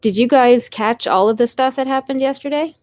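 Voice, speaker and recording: A woman's voice: high voice, brisk, a little mellow, no echo. A Canadian woman with a Canadian accent, hosting a casual live stream, tired and rambling as she answers her chat with small apologies.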